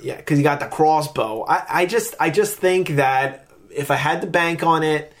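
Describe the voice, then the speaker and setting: Male podcast host, slightly high pitch; jokey, rambling, teasing delivery. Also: normal speed. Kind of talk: casual podcast chat.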